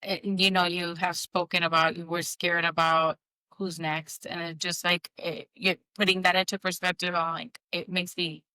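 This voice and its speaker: A woman in her thirties co-hosting a casual podcast, talking haltingly with many restarts and fillers. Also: lowish voice, little pitch movement, bright, forceful tone, smooth, no echo, poor audio. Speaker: podcast co-host. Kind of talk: casual heartfelt conversation.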